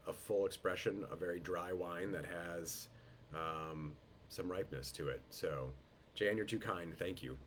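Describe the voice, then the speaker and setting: Deep-voiced man with a head cold. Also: a little hiss or hum. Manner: unhurried, descriptive, greets guests by name. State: head cold, voice lowered in the throat. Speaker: wine tasting host. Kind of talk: live online wine tasting. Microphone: video call.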